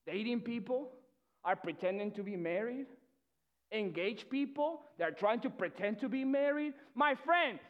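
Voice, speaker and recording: High-voiced energetic male preacher. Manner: energetic, repeats words, swings loud and soft. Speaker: pastor. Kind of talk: sermon. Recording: dull lo-fi sound.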